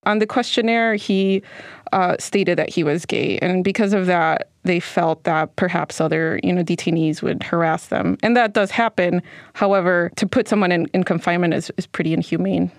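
A woman answers interview questions earnestly, pausing and restarting as she thinks. Her voice is on the low side and recorded dry and close. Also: fairly even intonation, no echo. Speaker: reporter interviewed.

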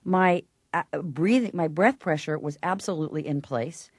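Deep-voiced and darkish in tone, a woman who teaches voice explains her methods at a moderate pace in an interview, slipping into brief sung examples alongside spoken ones. The recording is dry and studio quality.

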